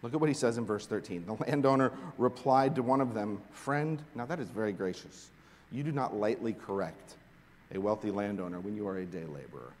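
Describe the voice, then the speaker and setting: A man preaching a sermon, reading scripture aloud and explaining it, swinging from hushed asides to loud, emphatic points. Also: on the low side, brisk. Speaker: pastor. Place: large hall with long reverb. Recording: echoey hall recording.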